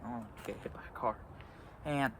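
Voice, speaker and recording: A teenage boy telling a story to a phone camera beside a road, halting and full of fillers. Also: medium pitch. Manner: rambling, halting, with frequent fillers. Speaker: vlogger. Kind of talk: casual storytelling. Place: outdoors by a road. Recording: faint traffic noise outdoors.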